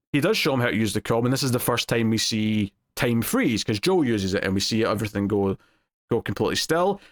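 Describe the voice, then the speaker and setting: A young man reviewing a TV episode in casual solo talk, rambling with lots of restarts and fillers. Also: mid-range voice.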